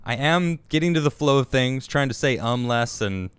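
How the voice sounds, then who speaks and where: A man hosting a casual live talk show, reading out viewer comments and chatting in a halting way, full of restarts. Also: mid-range voice, animated, smooth, no room sound. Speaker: host.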